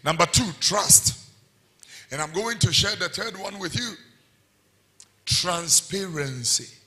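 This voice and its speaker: A man with a Ghanaian accent preaching a sermon as pastor, moving between calm storytelling and sudden shouted lines. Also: high voice, slow pace.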